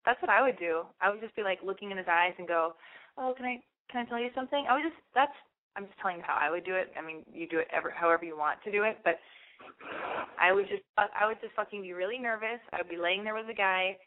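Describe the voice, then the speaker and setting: A woman hosts an advice show, giving a caller frank, blunt advice and acting out sample lines. She talks fast in a lowish voice with fairly even intonation, over phone-like radio audio.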